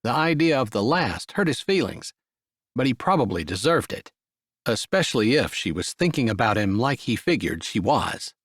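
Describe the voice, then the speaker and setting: Expressive male audiobook narrator. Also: medium pitch, moderate pace, slightly rough, dry recording, studio quality. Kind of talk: scripted narration.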